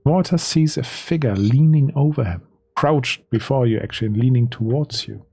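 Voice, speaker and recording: A man narrates a tabletop adventure as the game master, pausing and restarting as he builds the scene. His voice is husky and slightly breathy, at an ordinary pitch. The sound is close and dry, with no room behind it. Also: darkish tone, no room sound. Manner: slow, hesitant storytelling with restarts.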